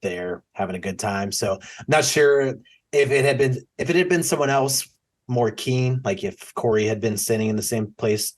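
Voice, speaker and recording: At a moderate pace and in a mid-range voice, this male podcast co-host chats casually. He acts out the quotes he retells from the show, keeps things chatty, and describes himself as someone who cries easily.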